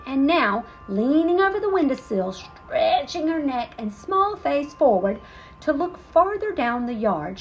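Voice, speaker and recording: A woman teacher reading a children's picture book aloud, expressive and chatty with asides to young listeners. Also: fairly high pitch, dull audio, a little hiss or hum. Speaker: storytelling teacher.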